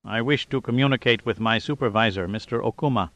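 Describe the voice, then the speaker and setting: A man reading a literal-minded robotic male inspector in flat, formal speech. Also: mid-range voice, quick pace, no echo, close to an everyday voice.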